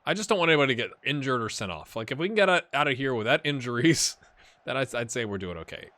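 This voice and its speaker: A man hosting a gaming channel, casually commenting while he plays, chatty and rambling, with laughs and sudden excited outbursts. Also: mid-range voice, fast talker, dry recording. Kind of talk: casual commentary while playing a football management game.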